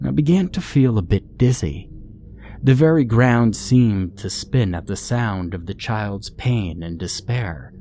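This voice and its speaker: A man narrating a horror story in a steady, ominous storytelling manner. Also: fairly low pitch, unhurried, slight background noise. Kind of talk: scripted narration.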